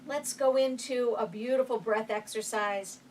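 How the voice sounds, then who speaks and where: A woman instructor calmly leading a guided chair breathing exercise, counting breaths aloud with gentle instructions. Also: on the high side, unhurried, slight background noise. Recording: voice picked up from a distance.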